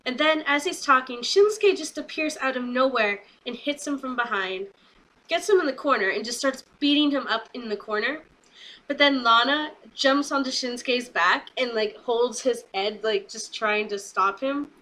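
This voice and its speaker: A young woman recaps a wrestling show in a casual vlog while still getting over a cold. Her voice sits a little high and sounds sharp and bright. She talks chattily, leans on "like" a lot and gets excited retelling each scene. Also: moderate pace, low-quality recording.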